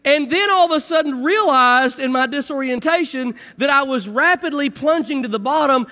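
A personal story is told to an audience by a middle-aged man whose voice is strikingly high. He's lively and acts out plenty of sound effects, and his voice echoes with a large hall's long reverb.

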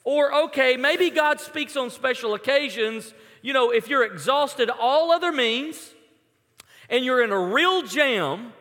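Bright-voiced man preaching in a reverberant hall. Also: very high-pitched, animated, unhurried. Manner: conversational, storytelling with acted-out quotes. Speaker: pastor. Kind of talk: sermon.

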